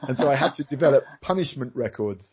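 A man, a former radio DJ, telling stories in a lively, self-mocking way on a podcast. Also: medium pitch, quick pace, husky. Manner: animated, jokey, self-mocking, acts out voices. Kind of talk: casual storytelling chat. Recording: dull lo-fi podcast audio.

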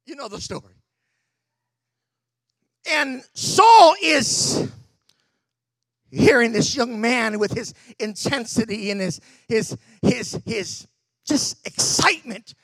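A male pastor preaches with emphatic, shouted bursts and frequent repeated words. His voice sits very high, bright and gravelly, and the recording is close and dry. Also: lively intonation, takes it slowly, long pauses, dry recording. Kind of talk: sermon.

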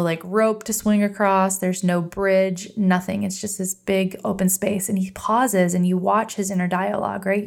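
A woman in her thirties hosts a solo podcast, speaking earnestly and encouragingly about trust and surrender. Her voice is mid-range and creaky.

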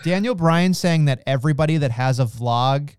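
A man co-hosting a podcast, talking in a loose, excitable way and swearing often. His voice sits fairly high and sounds smooth and crisp. The recording is dry, with no room sound. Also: moderate pace, dry recording. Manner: excitable, swears freely, trails off and restarts. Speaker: podcast co-host. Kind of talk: casual wrestling chat.

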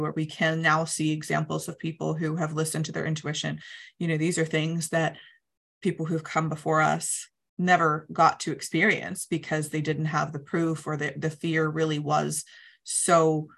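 Woman podcast host, low gravelly voice, gushing interviewer. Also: a bit bright. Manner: effusive, gushing. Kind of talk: interview, conversational.

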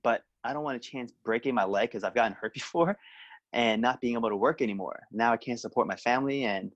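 A man's voice: mid-range voice, fast, highs cut off. A man who works as a police officer, chatting easily on a podcast and telling stories. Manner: easygoing, storytelling with acted quotes. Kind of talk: casual podcast chat.

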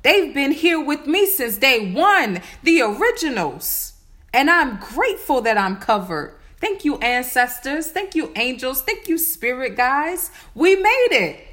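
A woman in her late twenties speaks in a high, bright register. She builds her self-healing talk from short repeated affirmations, one after another. Her delivery is incantatory and encouraging. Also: big pitch swings, unhurried. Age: 20s. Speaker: spiritual vlogger. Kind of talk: motivational self-care talk.

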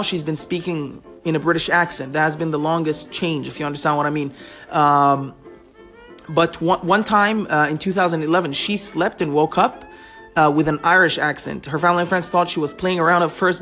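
A male host with a fairly high voice, chatting in a lively, casual way and calling his listeners guys. Faint music runs quietly behind him. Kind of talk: casual talk-show monologue.

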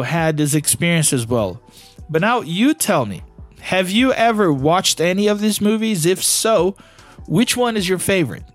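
Chatty podcast host, slightly high voice. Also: male voice. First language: not English. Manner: conversational, heavy use of "you know". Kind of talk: casual solo podcast talk.

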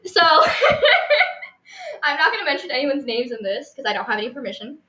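A woman's voice: high voice, very animated, normal speed, sharp tone, reverberant, low-quality recording. A teenage girl hosting a podcast, telling stories in a giggly, rambling way with lots of fillers. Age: teens. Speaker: podcast host. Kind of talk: casual storytelling chat.

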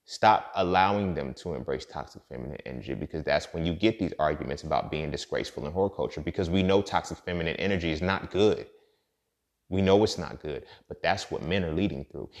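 Deep-voiced man, profane, preachy monologue. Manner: profane, preachy, conversational with many fillers. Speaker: podcast host. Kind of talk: casual monologue.

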